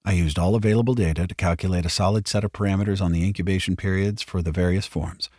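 Calm precise android guy, deep and level, man reading it, dry sound. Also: no room sound, natural voice. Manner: measured, matter-of-fact.

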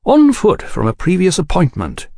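A man voicing a polite, reserved Victorian gentleman investigator. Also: high-pitched, wildly swooping pitch, normal speed, vocal fry, no echo, studio quality, pitched above the performer's own voice, heavily acted.

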